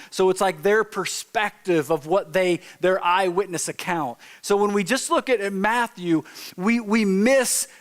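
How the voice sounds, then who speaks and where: High-voiced pastor giving a casual sermon. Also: male voice. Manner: informal, storytelling, acts out quotes. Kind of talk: conversational sermon. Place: church sanctuary.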